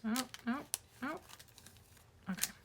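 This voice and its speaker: A woman streaming her card making from home, thinking aloud and muttering softly to herself as she sorts through supplies. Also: takes it slowly, background noise. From United States. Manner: muttering to herself while sorting supplies, soft asides. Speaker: craft streamer. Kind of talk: casual craft livestream chat.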